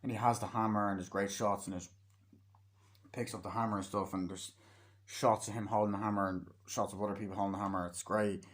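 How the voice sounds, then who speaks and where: A man's voice: on the low side, little pitch movement, a little fast. A man giving a casual, rambling film review, swearing freely and acting out scenes as he retells them. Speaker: movie reviewer.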